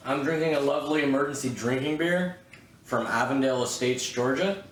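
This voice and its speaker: A man's voice: mid-range voice, fairly quick. Man chatting at length in an echoey room. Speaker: podcast co-host. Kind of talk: casual chat.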